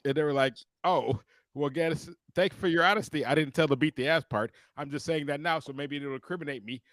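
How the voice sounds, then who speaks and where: A man with a fairly high voice tells a story as a heated, profane rant on a casual podcast. His delivery is animated and full of cussing. The sound is dry and close. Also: a little fast, dry recording. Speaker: podcast co-host.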